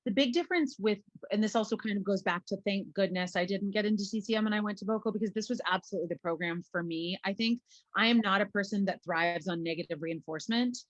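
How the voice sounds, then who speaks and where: A woman's voice: medium pitch, fast talker, lo-fi sound. A woman with a mid-range voice tells a story about her student days. She is chatty and rambling, piling up fillers and self-corrections. She speaks over a video call. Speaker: former classmate, alumna. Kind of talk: casual storytelling conversation.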